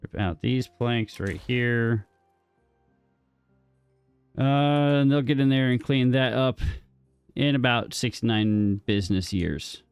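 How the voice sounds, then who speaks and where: A man's voice: mid-range voice, slow, pauses often, clean tone, no room sound, studio quality, faint music behind. A man casually commentating his own gameplay, thinking aloud and joking with the game as he builds. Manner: thinks aloud, jokey, talks to himself and the game. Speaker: gaming streamer.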